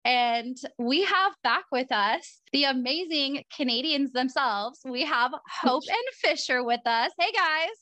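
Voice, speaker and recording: A woman co-hosting a casual podcast chat, bubbly and quick to laugh, with lots of fillers. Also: high voice, bright, forceful tone, no echo. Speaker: podcast co-host. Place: Arizona.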